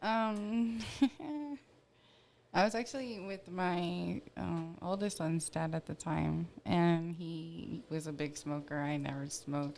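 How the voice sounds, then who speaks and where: A woman's voice: lowish voice, fairly even intonation, slow, vocal fry, a little mellow, slight background noise. A woman guest on a podcast, telling a story in casual chat and laughing as she goes. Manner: laughs through her story.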